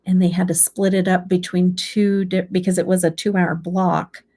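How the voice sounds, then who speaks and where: A beauty channel host in middle age talks informally to her audience, meandering and emotional while recounting something about her son. She speaks at a normal speed in a warm, lowish voice with little pitch movement.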